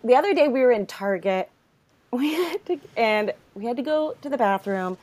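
Animated high-voiced woman. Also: normal speed. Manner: animated, swings into loud mimicking of her son. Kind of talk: casual comedic storytelling.

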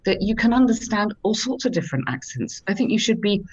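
A woman's voice: mid-range voice, very animated, a little fast, husky. A chatty woman from the UK gives encouraging IELTS advice, with lots of "um" along the way. Her voice sits mid-range and sounds a bit dull and muffled, as if recorded on a lo-fi setup. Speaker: IELTS teacher. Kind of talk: casual discussion.

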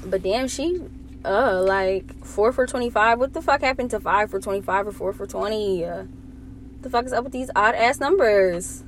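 A young woman with an American accent, chatting casually and telling a story in a blunt, profane, animated way. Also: medium pitch, normal speed, a little hiss or hum. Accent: American English, Delaware. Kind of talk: casual chat.

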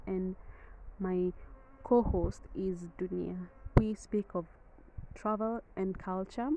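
Speaking with a Kenyan accent at medium pitch, this podcast host delivers a rambling, chatty monologue outside in the wind. She keeps correcting herself, and the recording has its highs cut off, with wind noise behind her.

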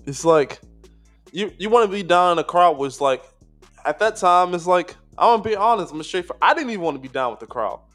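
A man's voice: sits high, animated, brisk, fairly bright tone, soft background music. A man co-hosting a podcast in casual chat, rambling with lots of fillers, restarts and swearing. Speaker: podcast co-host.

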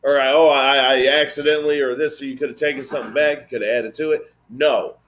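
A man's voice: mid-range voice, steady tone, fast. A man hosting a casual podcast chat, blunt and rambling, swearing freely. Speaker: podcast host.

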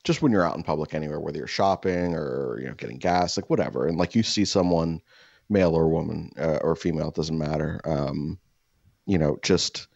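A man with a very low, deep voice tells a meandering story, leaning on "like" and "you know" as he goes. The sound is dry and close, slightly dull and lo-fi, and he drops into put-on voices for the people he quotes. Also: brisk, gravelly, darkish tone, no echo. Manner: rambling, heavy "like" fillers. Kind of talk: casual anecdote.

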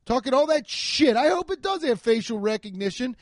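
A man doing a casual comedic rant, profane and excitable, acting out the voices of people he quotes, on a handheld mic. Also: very high voice, a little fast, no room sound. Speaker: stand-up comedian. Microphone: handheld microphone.

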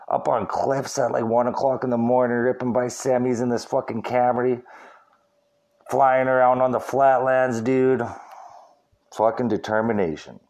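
A young man from Saskatchewan hosts a podcast and tells a road-trip story in a loose, rambling way. He swears freely and tacks "dude" or "man" onto almost every sentence. His voice sits at an ordinary, middle pitch for a man. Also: a little mellow. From Saskatchewan, Canada. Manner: profane, rambling, says "dude" constantly. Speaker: podcast host.

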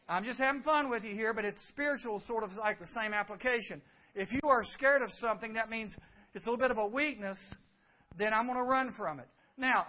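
High-voiced man preaching to youth. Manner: animated storyteller, acting out scenes, dropping to hushed tones. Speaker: youth camp speaker. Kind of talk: youth sermon with storytelling. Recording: dull lo-fi recording.

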